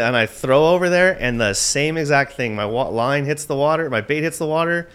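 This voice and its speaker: A man guesting on a podcast tells a tournament fishing story animatedly and excitably, saying "like" a lot and swearing casually. His voice is a little high and smooth, and he speaks a little fast.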